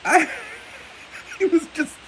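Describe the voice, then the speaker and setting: A man's voice: slow pace, low-quality recording. A man hosting a football livestream in casual chat, reading viewer comments aloud and laughing often. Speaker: livestream host. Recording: faint hiss behind the voice.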